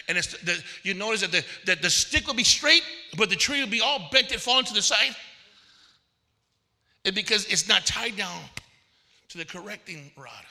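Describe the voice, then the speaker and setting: A man preaching a sermon at a leadership conference, telling animated stories and acting out the voices of people he quotes. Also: high-pitched, creaky. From Texas. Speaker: pastor. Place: conference hall. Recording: long hall reverb.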